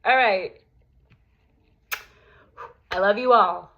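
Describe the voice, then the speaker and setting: A woman's voice: mid-range voice, extremely slow, lo-fi sound. A young adult woman talking candidly and earnestly to her viewers in a personal vlog, with plenty of casual fillers. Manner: earnest, open, lots of "like" fillers. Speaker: vlogger.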